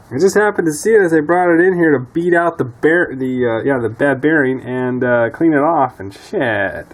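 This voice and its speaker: A man talking casually while repairing a quad in his garage, muttering and cursing often. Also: mid-range voice. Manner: profane, frustrated muttering. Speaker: DIY mechanic vlogger.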